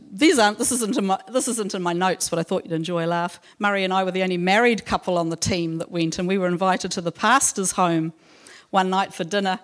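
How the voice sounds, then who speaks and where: A woman speaking at church, reading scripture and then telling a personal mission story with gentle humour. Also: mid-range voice. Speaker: church speaker sharing a testimony. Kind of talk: devotional talk and personal story.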